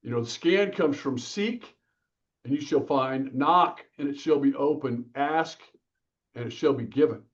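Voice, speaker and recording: Speaking a little slowly at a medium pitch, a man being interviewed as an author shares lively, energetic stories and acts out the quotes. The casual conversation has a lo-fi sound.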